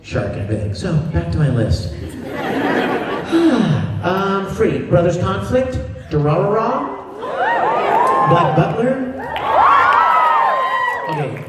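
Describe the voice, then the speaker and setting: A man, a voice actor, telling stories at a convention panel in a big hall, animated and laughing as he talks. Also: high-pitched, slow, long pauses, very noisy. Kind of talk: convention Q&A storytelling. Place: large convention hall with audience. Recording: distant fan recording in echoey hall. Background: crowd laughing.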